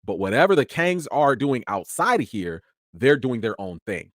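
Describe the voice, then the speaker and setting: A young man, chatting casually as host of a review show, his energy swinging between excitement and tired mumbling. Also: mid-range voice, normal speed, no echo, studio quality.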